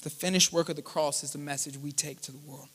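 A man's voice: on the high side, steady tone, fast, a bit bright, slightly rough. A man preaching a live sermon as pastor, talking to the congregation and rising into impassioned declarations. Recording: live church hall with long reverb.

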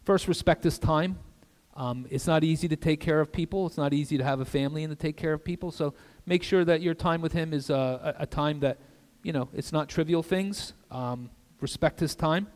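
An older man preaching an earnest sermon as a guest pastor in a church, with conversational asides and soft drops for emphasis. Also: a little high, a little fast, hardly any pauses. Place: church sanctuary. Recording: long reverb of a church hall.

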